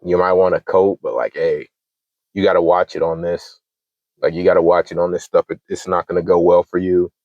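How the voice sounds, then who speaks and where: Brief: deep-voiced guy in his twenties, casual profane rant, lo-fi dry mic. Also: fairly even intonation, a little fast, a little mellow, no room sound. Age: 20s. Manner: heated, profane, acts out both sides of arguments. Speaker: channel host.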